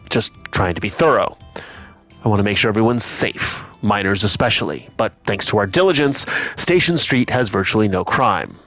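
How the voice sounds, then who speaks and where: A formal, self-assured patrol officer, voiced by a man in a game dub. His voice sits a little low and his delivery is clipped and official. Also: fairly bright tone. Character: stern, confident male city patrol officer.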